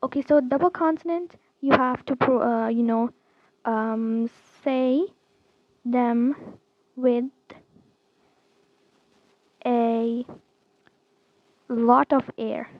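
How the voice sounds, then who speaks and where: A woman teaches letters in an easygoing online lesson, her voice a little high and gravelly with fry. She takes her time and repeats each sound again and again, leaning on fillers. The recording is somewhat dull and lo-fi. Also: steady tone, very slow, pauses often, dry recording. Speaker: language teacher.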